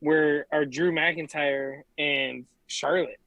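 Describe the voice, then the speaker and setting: A man's voice: fairly high pitch, steady tone, takes it slowly, gravelly, a bit bright, low-quality recording. A man co-hosting a casual podcast chat over a video call, laid-back and swearing freely. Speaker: podcast co-host.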